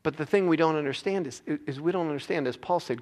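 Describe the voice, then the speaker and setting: A man's voice: on the high side, fast talker, hardly any pauses, darkish tone. Emphatic male pastor in a reverberant hall. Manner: emphatic, repeats words while building points. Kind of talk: sermon. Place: church sanctuary. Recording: long reverb of a large hall.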